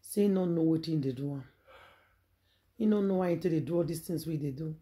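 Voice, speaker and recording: Nigerian accent gossip vlogger, warm mellow voice, preachy dramatic storytelling, lots of rhetorical questions. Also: medium pitch, brisk.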